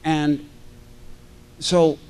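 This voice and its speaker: A man's voice: fairly high pitch, little pitch movement, very slow, a little mellow, clean tone. An older man, a celebrity guest on a convention panel stage, telling rambling, jokey anecdotes that he often breaks off and restarts. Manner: self-interrupting, jokey, acts out quoted voices.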